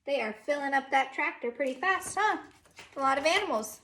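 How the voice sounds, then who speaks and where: A young woman teacher reading a picture book aloud to young children, animated and sing-song, breaking into animal and machine sounds. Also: high-pitched, brisk.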